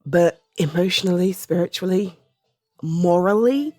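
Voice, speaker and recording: A British woman in her thirties, an audio creator, giving a soft-spoken personal opinion monologue, halting and often trailing into a whisper. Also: low voice, steady tone, dry recording, studio quality, soft background music. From Britain. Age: 30s.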